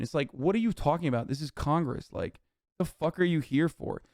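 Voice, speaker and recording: Male streamer, 30s, angry political rant, profane and sarcastic, fairly high voice, smooth and clear, dry close mic. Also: a little fast, a little mellow, no echo. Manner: profane, heated, sarcastic, reads chat aloud.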